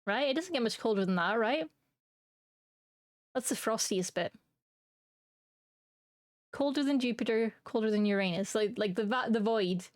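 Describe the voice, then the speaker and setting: A woman's voice: on the high side, normal speed, long pauses, dry recording, studio quality. A woman streamer chatting casually and playfully with her viewers, joking and laughing often. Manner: playful, giggly, silly. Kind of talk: casual live-stream chat.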